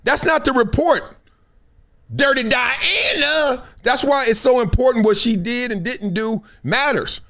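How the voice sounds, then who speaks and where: A man's voice: very high voice, moderate pace, a bit bright. A man hosting a live sports show, talking in a casual, slangy, joking way and laughing often. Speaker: host.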